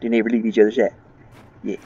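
A man's voice: on the low side, level tone, fast, mellow, slightly rough, dull audio. A man giving let's play commentary, rambling and joking his way through a spooky game, laughing at his own nerves. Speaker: gaming channel host.

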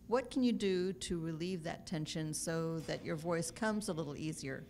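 A woman with a fairly low voice puts a question to the panel, calm and even. Faint noise sits under her voice. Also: normal speed. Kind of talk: posing an audience question.

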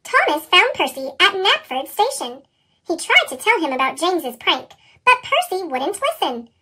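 A woman reading a children's picture book aloud, her voice pitched up into a chipmunk sound, with lively, expressive storytelling. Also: moderate pace. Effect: chipmunk pitch-shifted voice. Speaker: storybook reader. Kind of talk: children's read-aloud narration.

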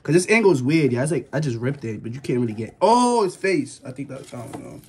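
A man's voice: mid-range voice, very animated, fast, a little mellow, slight background noise. A nervous young man vlogging casually, insisting he isn't scared and yelping now and then. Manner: jittery, keeps insisting he isn't scared, yelps.

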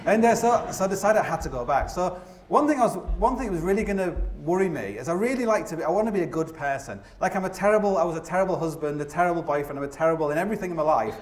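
A mountaineer in his forties tells comic stories live to an audience from an opera house stage, and the theatre gives his voice an echo. His voice is high, expressive and very fast. He rambles and pokes fun at himself, full of fillers and restarts.

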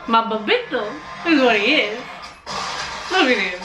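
A young woman hosting a reaction video, talking back at the screen with lots of swearing and excited outbursts. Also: on the high side, measured pace, over music. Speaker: reaction channel host. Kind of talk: casual reaction commentary. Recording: roomy echo, TV sound under. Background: show audio playing from the TV.

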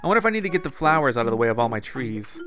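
A man's voice: medium pitch, big pitch swings, very fast, over music. Chatty man narrating his gameplay. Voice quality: chatty, thinks aloud and addresses viewers as "guys". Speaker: gaming video host. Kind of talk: casual gameplay commentary.

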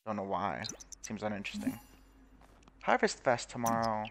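A man's voice: lowish voice, normal speed, pauses often, background noise. A man talking casually while he plays a video game, reading the game's text aloud and cursing freely. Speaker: gameplay video host. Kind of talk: casual gameplay commentary.

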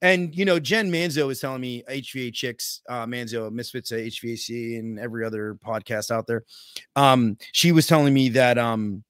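Rambling podcast host, dry sound. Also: male voice, medium pitch, moderate pace, smooth, no echo. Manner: excitable, profane, rambling with fillers. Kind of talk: casual podcast chat.

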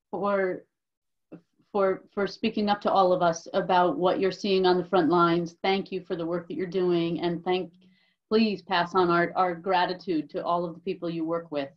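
A woman's voice: fairly low pitch, steady tone, unhurried. A woman lawmaker answering a question at a virtual town hall, opening with thanks and stumbling over many restarts. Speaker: legislative leader. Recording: dull lo-fi call audio.

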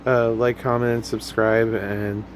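A man's voice: fairly low pitch, flat delivery, measured pace, slight background noise. A young man hosting a comedy video, rambling through memes in a goofy, self-mocking way. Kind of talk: casual meme commentary.

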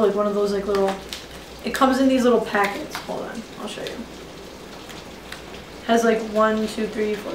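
Young woman beauty vlogger, high-ish voice, rambling and chatty; mic set back in a roomy space. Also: slight background noise. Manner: chatty and rambling, full of "like" and "you know". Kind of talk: casual haul video chat. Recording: roomy sound from a distance from the mic. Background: heavy rain outside.

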